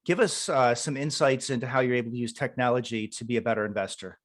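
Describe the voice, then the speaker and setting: Man, mid-range voice, eager interviewer, warm encouragement, quick to laugh. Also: medium pitch, fairly even intonation. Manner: enthusiastic, encouraging, laughs often. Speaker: podcast host, interviewer. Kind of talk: casual interview.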